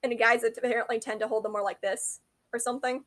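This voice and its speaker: A young adult woman vlogs to camera, telling a rambling, self-deprecating story and often correcting herself mid-sentence. Her voice is fairly high and steady in tone, and she talks fast.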